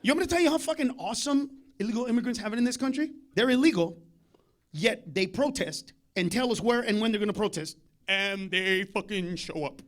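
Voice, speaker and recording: High-pitched, profane stand-up comedian. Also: male voice, lively intonation, a little fast. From United States. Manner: loud, profane, swings between shouting and muttering asides. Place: comedy club stage.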